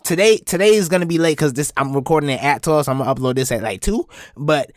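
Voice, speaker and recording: A young man hosting his own podcast, telling a story in a casual, profane way and jumping into high-pitched bits. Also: rapid-fire, no room sound, studio quality. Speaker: podcast host.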